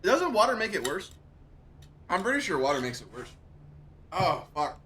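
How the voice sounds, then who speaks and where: A man's voice: high-pitched, sing-song, normal speed, pushed and bright, a little hiss or hum. A male streamer in pain from hot sauce, groaning, yelping and repeating himself with watering eyes. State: eyes watering, mouth burning. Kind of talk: live game stream chat.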